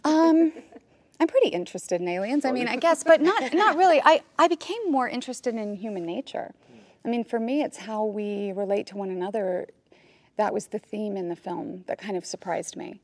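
A woman, an actress, answering interview questions with animated, warm storytelling. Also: mid-range voice, moderate pace, no room sound. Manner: animated storytelling, laughs, imitates others.

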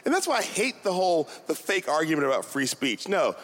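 A man performing a stand-up comedy set, telling animated stories and mocking voices. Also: a little high, fairly quick. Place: comedy venue with a live audience. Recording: loud crowd and noise.

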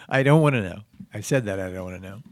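Animated, laughing comedy podcast host man. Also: lowish voice, fairly quick, no echo, studio quality.

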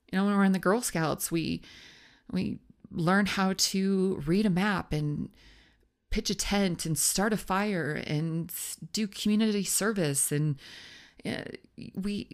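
A woman hosting a podcast about love, telling a story in an earnest way and repeating phrases for emphasis. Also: lowish voice. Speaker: podcast host, love coach. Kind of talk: podcast monologue.

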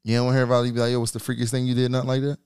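A man's voice: mid-range voice, monotone, racing, darkish tone, smooth. A man with an ordinary mid-range voice co-hosts a loose podcast conversation. He argues insistently, stumbles over repeated words and keeps putting questions to the group. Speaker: podcast co-host. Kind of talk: casual podcast banter.

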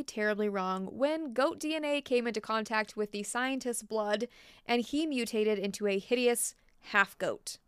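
A woman's voice: on the high side, clear, resonant tone, no room sound, studio quality. A woman hosting a podcast, telling spooky legends with chatty, playful asides. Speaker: podcast host. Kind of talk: storytelling podcast.

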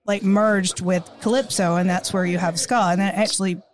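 A woman's voice: medium pitch, steady tone, normal speed. A woman co-hosting a casual podcast, explaining music history at length in a knowledgeable way, with frequent fillers. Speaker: podcast co-host.

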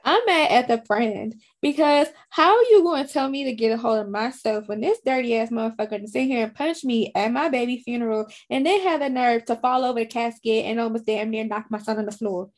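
Woman, podcast co-host, high voice, blunt and heated, profane casual talk. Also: a little fast, hardly any pauses. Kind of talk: casual chat recapping a film.

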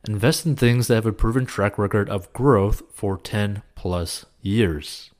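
A man with a fairly low voice talks through financial advice at an unhurried pace. His delivery is earnest and encouraging, loose and casual, dotted with "like" and "you know.". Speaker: personal finance advice host. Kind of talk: casual advice talk answering a viewer question.

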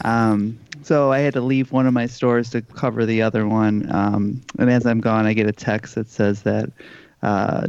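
A man's voice: on the low side, steady tone, moderate pace, gravelly, darkish tone, dry recording, dull audio. A man co-hosting a casual podcast, telling a story with a dry, teasing manner. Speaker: podcast co-host.

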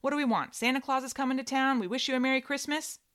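A woman's voice: high-pitched, fairly even intonation, fast talker, fairly bright tone, voice pushed up. Eager, awkward grown brother trying to please, read by a woman. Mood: unsure.

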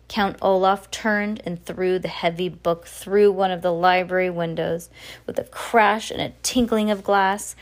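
A woman reading a children's novel aloud in a plain, steady way. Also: on the low side. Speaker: audiobook reader. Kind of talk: audiobook narration.

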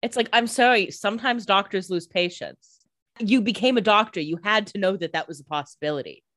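A woman's voice: mid-range voice, a little fast, a bit bright, no room sound. A woman co-hosting a casual recap chat, giving wry, exasperated commentary. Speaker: podcast co-host.

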